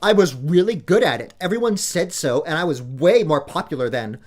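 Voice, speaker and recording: A woman's voice: low-pitched, expressive, normal speed, a little mellow. A woman voicing a spoiled, entitled and mean teenage girl who whines and sneers at her father. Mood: whiny.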